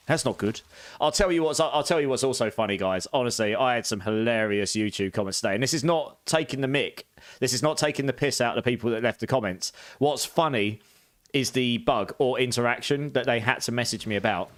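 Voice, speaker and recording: A man's voice: medium pitch, a little fast. A man with a British accent, giving chatty, casual gameplay commentary and laughing often while talking to his chat. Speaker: game streamer.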